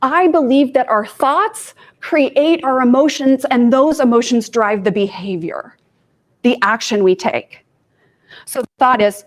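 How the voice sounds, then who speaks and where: A woman's voice: a little high, animated, a little slow. A woman life coach from Kansas giving an informal talk to students, chatty and self-deprecating, with asides to her audience.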